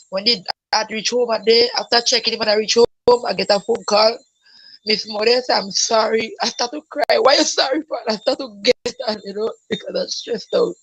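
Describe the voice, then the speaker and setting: A woman's voice: medium pitch, a bit bright, no room sound, poor audio. A woman telling her story as a grieving mother in an interview, talking in a repetitive, pleading way that breaks into tears and a raised voice. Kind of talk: emotional personal testimony.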